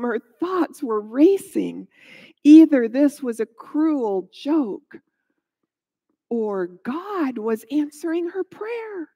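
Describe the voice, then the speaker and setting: A woman narrating a Bible story in a gentle, measured storytelling way, on a dull lo-fi recording. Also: high-pitched, animated.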